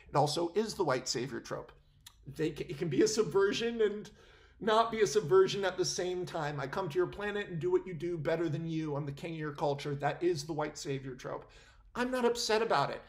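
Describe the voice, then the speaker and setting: Vlogger, casual rant to camera, incredulous, quick laughs, trips over own words. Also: medium pitch. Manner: animated, incredulous, breaks into laughter, self-interrupting. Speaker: film commentary vlogger.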